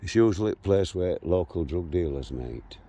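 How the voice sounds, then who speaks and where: With a low, warm voice, lively intonation, and normal pace, a 63-year-old man vlogs while walking outdoors. He bluntly and combatively retells a hard local confrontation to camera, over a little hiss or hum.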